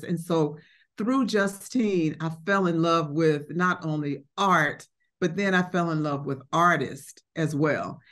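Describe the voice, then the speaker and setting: Her voice low, a middle-aged woman who collects art reflects on a story in conversation, sprinkling in fillers and quoting people in character.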